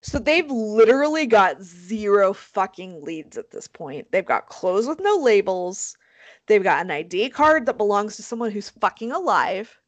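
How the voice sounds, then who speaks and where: A woman hosting a casual podcast chat, animated and swearing freely, with lots of fillers. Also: medium pitch, unhurried, no echo. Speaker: podcast host.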